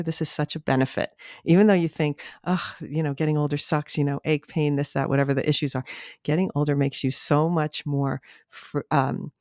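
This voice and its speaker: A woman's voice: low-pitched, darkish tone, no room sound, clean studio sound. Chatty middle-aged woman, laughing often. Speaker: podcast guest, content creator. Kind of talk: casual interview chat.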